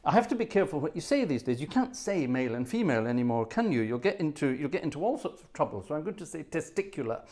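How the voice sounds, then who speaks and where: A man's voice: fairly high pitch, very animated, fast, few pauses, a little mellow. A middle-aged man from Scotland hosting a home organ livestream, telling a rambling, jokey story with self-corrections and asides.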